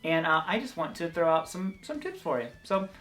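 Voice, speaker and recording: A man's voice: on the high side, big pitch swings, fairly quick, fairly bright tone. A man from the American South with a Southern accent, chatting loosely through a guitar lesson with lots of fillers and restarts. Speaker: guitar teacher. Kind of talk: casual guitar lesson vlog.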